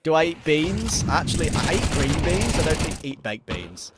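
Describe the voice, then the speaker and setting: A young London man casts a competitive shooter solo, flipping between play-by-play and easy banter with his chat. His voice is a little worn from losing it, and clear gunfire and clicks from the game run under his talk. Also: on the high side, very animated, normal speed, heavy background noise. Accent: London English. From England. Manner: casual, chatty, answers viewer questions between plays. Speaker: esports caster. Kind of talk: solo esports commentary with chat reading. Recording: game sound and gunfire behind the voice.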